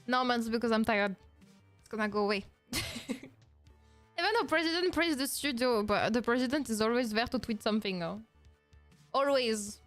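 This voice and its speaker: A young woman with a strong French accent chats on stream in a bright, high register, with faint music behind her. She is playful and mock-indignant, laughs easily and drops in French words. Her English is her second language and comes out in loose, charming phrasing. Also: moderate pace, long pauses. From France. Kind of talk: casual react-stream chat.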